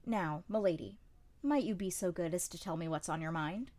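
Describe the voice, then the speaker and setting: A woman voicing a courteous young nobleman with a gentle, honeyed way of talking in an audiobook. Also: lowish voice, normal speed, lightly acted. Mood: charming. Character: smooth, courteous young nobleman, sweet-voiced charmer. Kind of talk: audiobook character reading.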